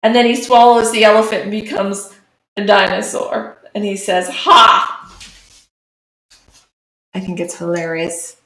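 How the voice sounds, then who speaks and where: A woman's voice: mid-range voice, fairly even intonation, normal speed, reverberant, low-quality recording. A woman chatting casually as she draws on a live stream, talking through each step. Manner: chatty, talks through her work. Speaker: streamer and artist. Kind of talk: live-streamed drawing commentary.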